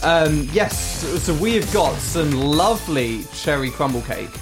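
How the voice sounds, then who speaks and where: Young woman doing student radio, low voice that swings around a lot, jokey, loud music behind. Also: expressive, unhurried. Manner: bubbly, jokey, laughs often. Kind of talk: casual radio chat.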